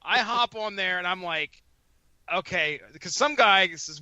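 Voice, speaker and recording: High, bright-voiced man telling a story. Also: big pitch swings, no echo. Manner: halting, restarting storyteller. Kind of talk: casual podcast banter.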